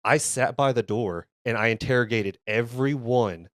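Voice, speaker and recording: A podcast co-host tells a workplace story casually, swearing often and restarting and repeating words as he gets worked up. His voice is medium-pitched and fairly bright, at a moderate pace, recorded in studio quality with no echo.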